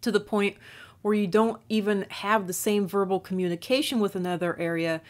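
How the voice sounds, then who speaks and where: A woman's voice: mid-range voice, fairly quick. A woman from northern Minnesota, with a faint Minnesotan accent worn down to a neutral American sound, talking in a digressive, rambling monologue full of restarts. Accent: faint Minnesotan, mostly neutral American. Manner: digressive, many restarts and fillers. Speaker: YouTube channel host.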